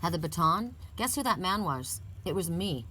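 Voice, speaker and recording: Lower-voiced woman reading oracle cards. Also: big pitch swings, normal speed, sharp tone, slightly rough. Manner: chatty and upbeat, reciting affirmations with emphasis. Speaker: oracle card reader. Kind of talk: casual spiritual card reading.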